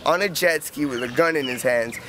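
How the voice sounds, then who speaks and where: A young man with a medium-pitched voice speaks a little fast as he tells a casual, rambling, profane anecdote outside next to a canal, packed with "like" and restarts. Traffic and street ambience fill the noisy background.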